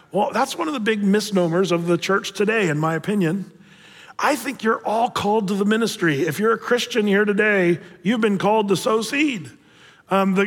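High-voiced pastor preaching in a reverberant hall. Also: male voice, fairly bright tone. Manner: conversational, with many fillers and repeated starts; slows down for scripture reading. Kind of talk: sermon. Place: church sanctuary.

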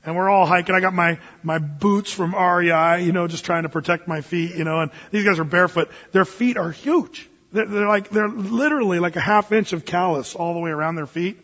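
A man's voice: high-pitched, fairly quick, hardly any pauses, fairly bright tone, in a large hall, dull audio. A man preaching a sermon in a conversational, joking way, with sudden emphatic bursts. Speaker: pastor.

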